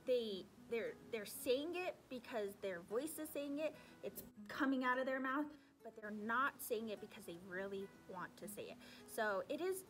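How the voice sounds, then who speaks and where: Young woman teacher, casual vlog advice, animated and higher-pitched, faint music bed. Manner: animated, acts out her students' voices, drops into asides. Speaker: sixth-grade teacher. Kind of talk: casual talk to camera giving advice.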